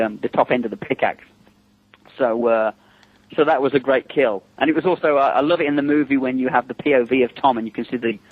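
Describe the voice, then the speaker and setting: A man's voice: mid-range voice, no echo. English man telling stories down a phone line. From England. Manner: lively anecdotes, acts out quotes, laughs often. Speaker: guest, special effects makeup artist. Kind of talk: casual phone interview storytelling. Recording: tinny phone line, dry.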